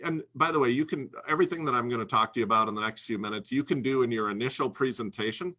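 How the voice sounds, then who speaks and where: Bright-voiced man coaching advisors. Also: lowish voice. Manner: emphatic, repeats key phrases, varies pace for effect. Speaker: guest speaker coaching financial advisors. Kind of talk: instructional talk to a host.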